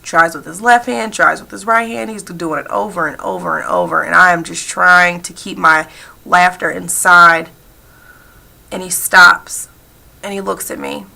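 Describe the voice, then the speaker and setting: Bright, gravelly woman voicing a signed story. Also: lowish voice, steady tone. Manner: halting, repetitive phrasing with frequent "like". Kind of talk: voicing a personal story from sign language.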